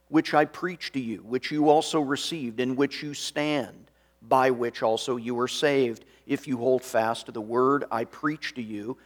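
Guy preaching real slow, mid pitch voice, reads verses out calm and even. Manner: slow, measured preaching with scripture readings. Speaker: pastor. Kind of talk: sermon.

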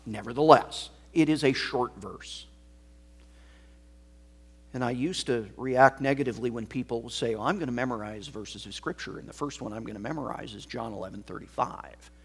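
A pastor preaching a sermon, swinging from loud emphasis to hushed, almost whispered words. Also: male voice, medium pitch, husky.

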